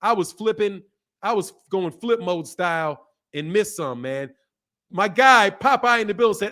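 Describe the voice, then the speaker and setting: A man hosting a live boxing talk stream, reading out donations, animated and laughing with loud outbursts. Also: sits high, normal speed. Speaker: boxing channel host.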